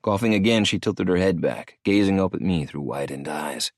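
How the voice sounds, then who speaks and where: A man narrating an audiobook in the first person with an expressive, dramatic delivery. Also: sits low, moderate pace, dry recording, studio quality.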